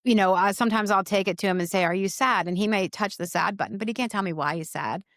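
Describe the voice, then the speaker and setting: A woman in her forties, a mother talking earnestly in an interview, in quick bursts with many restarts. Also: medium pitch, no echo, studio quality. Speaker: guest, mother. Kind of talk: conversational interview.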